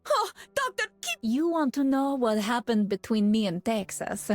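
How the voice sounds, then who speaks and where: A woman's voice: fairly high pitch, very animated, moderate pace. An actress playing a gleeful, power-hungry female mercenary in game voice lines, teasing and menacing. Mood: playful. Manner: playful, menacing, laughing. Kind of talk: English game voice line.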